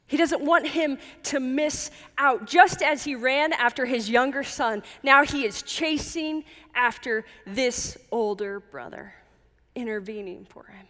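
Woman pastor, higher voice, earnest measured sermon delivery, church hall reverb. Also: fairly bright tone. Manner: earnest, measured, with emphatic repetition.

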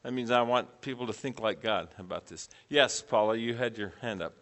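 A man's voice: medium pitch, a little fast, a bit bright. A middle-aged man teaching a preaching class, putting questions to the group and repeating back their answers.

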